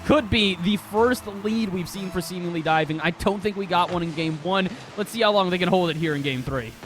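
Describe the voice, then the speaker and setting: A man calling a live esports match with a bright, high-pitched voice. He is excitable and his voice shoots up on big saves and goals. A faint hiss sits under the voice. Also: fairly quick. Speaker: esports caster. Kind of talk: live play-by-play commentary.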